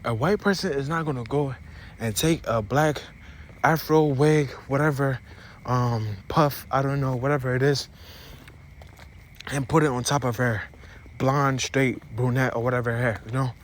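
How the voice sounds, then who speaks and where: A man's voice: medium pitch, steady tone, moderate pace. Young male vlogger, African and American accents mixed, rambling and blunt, faint street noise behind. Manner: rambling, repeats and restarts phrases, addresses viewers directly. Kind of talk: opinionated casual monologue to camera.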